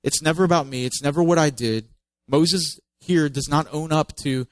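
A man's voice: a little high, moderate pace, no room sound, poor audio. A man preaching a sermon in a conversational way, reading scripture aloud with emphasis and adding joking asides. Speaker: pastor.

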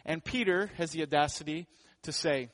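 Male pastor, slightly high voice, casual jokey sermon delivery. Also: moderate pace, a bit bright. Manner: joking, conversational preaching.

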